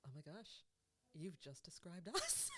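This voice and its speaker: A woman's voice: fairly low pitch, sharp tone, slight background noise. A woman life coach co-hosting a podcast, chatting casually, laughing often and swearing now and then.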